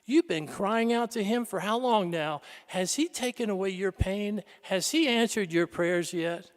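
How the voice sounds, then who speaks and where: A man voicing a sly, tempting male devil in a hushed, taunting half-whisper during a sermon. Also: high-pitched, a little slow. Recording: reverberant church hall.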